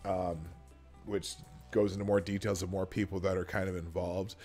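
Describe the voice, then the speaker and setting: A man's voice: low voice, level tone, moderate pace, music in the background. A man hosting a livestream, chatting casually and rambling with many restarts. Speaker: host.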